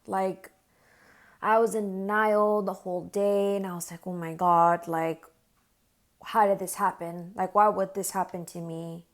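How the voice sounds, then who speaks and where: A young woman vlogger telling a personal story straight to camera, earnest and upset, full of "like" fillers, going hushed when she quotes herself. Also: mid-range voice, fairly even intonation, unhurried. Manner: earnest, distressed retelling with frequent "like" fillers.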